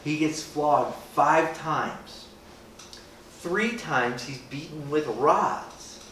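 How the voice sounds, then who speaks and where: A man's voice: on the high side, drawn-out words, a bit bright. Man, casual Bible talk to a group, rhetorical questions, joking asides, distant mic, echoey room, faint hiss. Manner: conversational, asks rhetorical questions, often adds "right?"; jokey, acts out people's reactions. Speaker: speaker leading a group.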